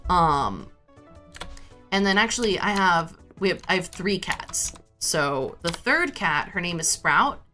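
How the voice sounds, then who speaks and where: A woman's voice: lowish voice, very animated, slow, sharp tone, soft background music. A woman livestreamer chatting casually with her viewers while she plays a game, rambling from topic to topic. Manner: chatty and rambling, talks to chat. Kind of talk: casual chat while gaming.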